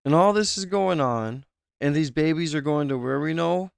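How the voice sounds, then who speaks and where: A man's voice: fairly high pitch, moderate pace, gravelly, smooth, dry recording, studio quality. A man streaming live, reacting with emotional exclamations and speculation as he reads a document aloud and comments on it.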